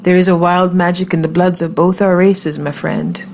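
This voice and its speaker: A woman voicing an ancient blind man, a snake charmer, who croaks and speaks formally with liquid vowels. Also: fairly low pitch, little pitch movement, normal speed, darkish tone, slight background noise, lightly acted. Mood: rueful.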